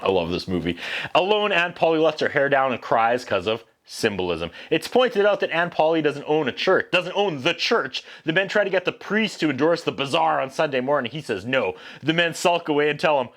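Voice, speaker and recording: Guy with a kinda high voice doing a sarcastic movie recap, dry jokey asides, super casual. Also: sing-song, brisk, a bit bright. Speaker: film reviewer host.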